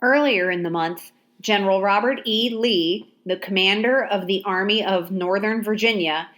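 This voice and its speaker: A woman narrating an audiobook at a mid pitch, calm and measured. Her delivery is steady, with clear storytelling pacing.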